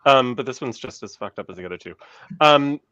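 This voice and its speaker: Wry man reading summaries, bright voice. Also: medium pitch, expressive, brisk, highs cut off. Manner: wry, reads episode summaries with sarcastic asides. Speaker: podcast host. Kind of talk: casual podcast chat.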